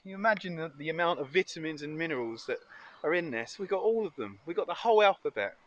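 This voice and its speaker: A man's voice: a little high, animated, quick pace, muffled recording. A man chatting casually and cheerfully while cooking outdoors for a foraging vlog. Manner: chatty, upbeat, muses aloud. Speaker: foraging vlogger. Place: outdoors in nature.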